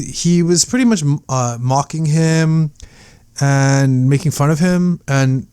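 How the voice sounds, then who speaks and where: A man's voice: a little high, darkish tone, clear, resonant tone, no room sound, clean studio sound. A man giving rambling casual commentary over video clips, full of fillers and restarts.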